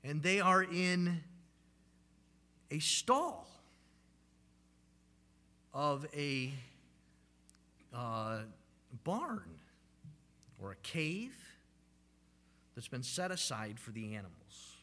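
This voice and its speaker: A man's voice: fairly high pitch, very animated, drawn-out words, pauses often, pushed and bright. A man in his thirties preaching a sermon as a pastor, telling stories in a conversational way with frequent "right?" tags and ums.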